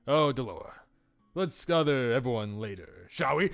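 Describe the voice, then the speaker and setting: A man's voice: mid-range voice, moderate pace, no echo, soft background music. A man hosting a let's play, reading a visual novel's dialogue aloud with joking asides and playful stumbles. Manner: animated, stumbling jokily over lines.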